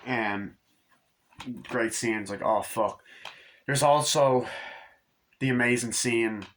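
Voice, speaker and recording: A young man casually rambling through a movie review, excitable and full of swearing. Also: fairly low pitch.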